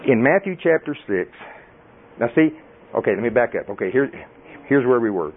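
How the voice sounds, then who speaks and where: A middle-aged man, preaching a folksy, animated sermon and laughing often. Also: medium pitch, a little fast. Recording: tinny phone-like audio.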